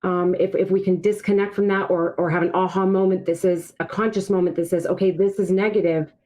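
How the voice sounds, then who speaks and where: Brazilian-born woman, low-pitched candid talk. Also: little pitch movement, a little fast, darkish tone, rough recording. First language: Portuguese. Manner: candid, reflective personal storytelling. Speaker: podcast guest. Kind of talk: casual podcast conversation.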